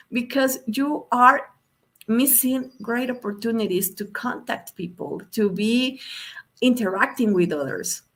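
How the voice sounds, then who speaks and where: A woman's voice: fairly high pitch, fairly bright tone. A woman from Mexico giving a motivational talk as a guest speaker. She tells a story with emphasis, repeating words and asking the audience questions. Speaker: guest speaker, English language specialist.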